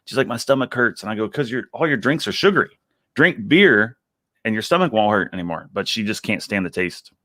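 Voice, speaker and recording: A man's voice: fairly low pitch, animated, fairly quick, sharp tone, dry recording, clean studio sound. A man from Texas, a guest on a live video chat, joking around and laughing often. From Texas, United States.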